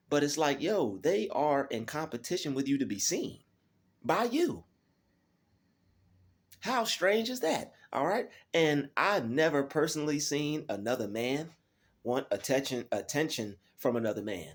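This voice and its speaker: A man's voice: a little high, animated, measured pace. A man hosting his own channel, talking casually and preachily to his viewers, often repeating words as he searches for them. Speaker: YouTube channel host. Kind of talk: casual monologue to camera.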